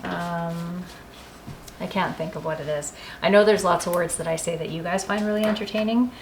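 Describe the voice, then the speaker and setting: A woman's voice: fairly low pitch, normal speed, slight background noise, low-quality recording. A woman with a Canadian accent, chatting casually in a home garden and kitchen vlog, rambling and correcting herself as she goes. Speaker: homesteading vlogger.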